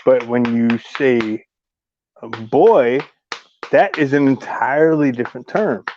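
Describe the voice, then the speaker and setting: A man from California co-hosting a casual livestream chat, blunt and profane, telling animated stories. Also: mid-range voice, takes it slowly, muffled recording, a little hiss or hum.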